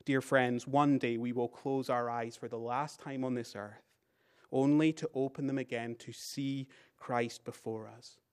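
A British man preaching a sermon in a church, earnest and repeating key phrases, rising for emphasis and dropping very quiet at the ends of phrases. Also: mid-range voice, fairly even intonation, a little slow, clean tone. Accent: British English. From Britain.

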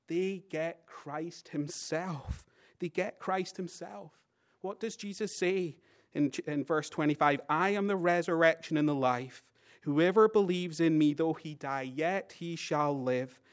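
British guy preaching in church, earnest, repeats his big lines, trails off soft at the end. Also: a little high. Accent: British English. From Britain. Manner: earnest, repeats key phrases for emphasis; rises for emphasis, drops very quiet at phrase ends. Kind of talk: sermon.

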